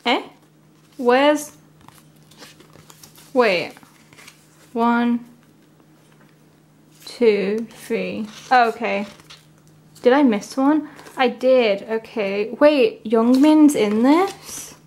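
Slow-talking woman vlogger. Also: on the high side, darkish tone. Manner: chatty, rambling, emotional. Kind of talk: casual unboxing commentary.

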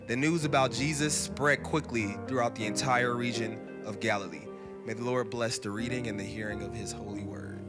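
Male lay reader, measured scripture reading over guitar, live church sound. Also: mid-range voice. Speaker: connect group leader reading scripture. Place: church auditorium.

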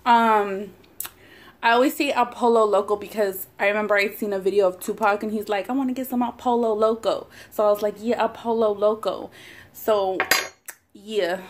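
A young woman vlogger and mother who chats casually and swears a lot while eating on camera. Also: medium pitch. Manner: chatty, swears a lot, rambling. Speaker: mukbang vlogger. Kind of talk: casual eating-show chat.

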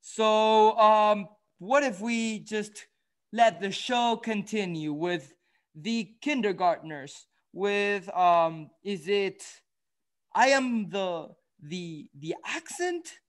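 A man playing a vain, gallant young gentleman. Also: high-pitched, very slow. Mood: mock-gallant. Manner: pompous, self-admiring. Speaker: show host. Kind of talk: comic skit hosting.

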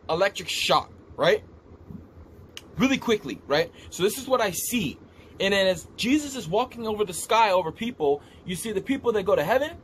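A man telling a vivid dream story in a casual, animated way, repeating himself as he describes what he saw. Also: sits high, slight background noise. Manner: animated, repetitive, gestures while describing. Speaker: vlogger recounting a dream.

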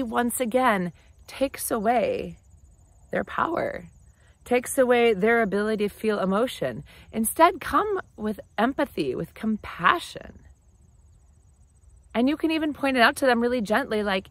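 A woman talks straight to camera in a casual advice chat. Her pitch swings lively up and down as she explains. The sound is close and dry, with no room around it. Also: dry recording. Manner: animated, conversational, often acts out quoted phrases. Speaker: relationship advice host.

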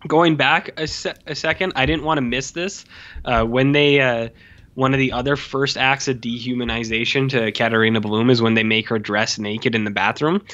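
A man's voice: mid-range voice, lo-fi sound. A man co-hosting a casual film review podcast. He rambles through scenes, packing his talk with "like" and "uh" fillers. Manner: rambling, heavy use of "like" and "uh" fillers; animated retelling of scenes. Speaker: podcast co-host.

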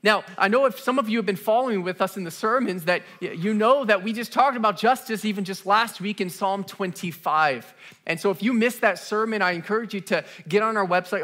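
A man pastor delivering a live sermon in church. His voice sits high and rings bright. He preaches with energy and repeats his main points for emphasis. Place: church service with congregation.

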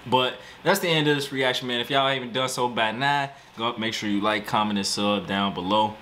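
Excitable man reacting to a music video. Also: mid-range voice, fairly quick, slight background noise. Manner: excitable, slangy, talks straight to viewers. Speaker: music reaction channel host. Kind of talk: casual reaction commentary.

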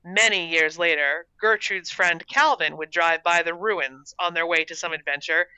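Bright, dry storybook narrator. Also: mid-range voice, steady tone, moderate pace, smooth, no room sound. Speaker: author reading own short story.

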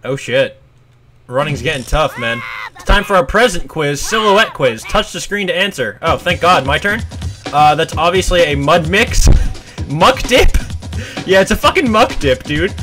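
Streaming a video game, a man gives casual commentary in a sleepy, mumbling way, swearing a lot. His fairly high voice has lively intonation and a normal speed, with game music playing in the background.

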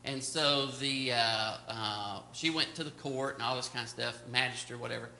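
A man's voice: medium pitch, moderate pace, creaky, bright, forceful tone, slight background noise. An older man, a pastor, teaching a Sunday school Bible lesson in a rambling, storytelling way full of fillers. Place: church classroom. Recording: echoey room.

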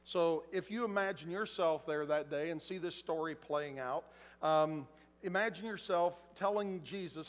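A man's voice: a little high, moderate pace. A man preaching a sermon in a large church auditorium, talking conversationally and acting out quotes. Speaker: pastor. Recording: echoey hall.

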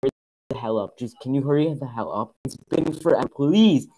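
A man's voice: medium pitch, moderate pace, noisy background. A young man streaming a horror game, thanking followers and repeating himself nervously as he plays. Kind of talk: casual live game commentary.

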